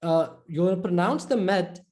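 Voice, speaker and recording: A man's voice: sits high, a little mellow. Encouraging male Arabic reading teacher. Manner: encouraging, repeats words slowly for drilling. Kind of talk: recorded online lesson.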